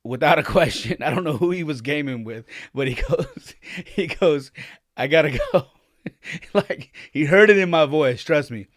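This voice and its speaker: A man's voice: a little high, expressive, normal speed, fairly bright tone, dry recording, studio quality. A man in his forties hosting a podcast, telling a candid family story and acting out the dialogue, his voice climbing as he gets worked up. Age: 40s. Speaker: podcast host.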